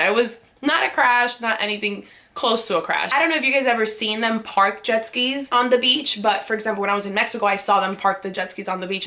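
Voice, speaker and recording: A young woman vlogger telling an emotional storytime about an accident in an animated way. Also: on the high side.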